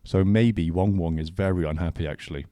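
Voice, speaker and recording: Give me a man with a low voice and a dry, close sound, cracking blunt deadpan jokes. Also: fairly quick, no room sound. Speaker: podcast co-host. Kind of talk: casual chat.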